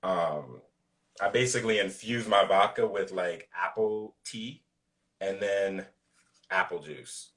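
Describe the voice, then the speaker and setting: A man with a fairly low voice chats easily over a video call, relaxed and a little loose, leaning on fillers as he gives cooking tips. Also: takes it slowly, far from the mic. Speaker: guest cook. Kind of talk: casual interview chat.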